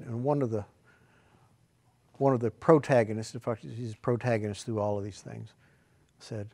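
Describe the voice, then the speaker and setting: A man preaching a sermon, telling rambling folksy stories and swinging from quiet asides to loud, shouted emphasis. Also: mid-range voice, steady tone, moderate pace, creaky, long pauses.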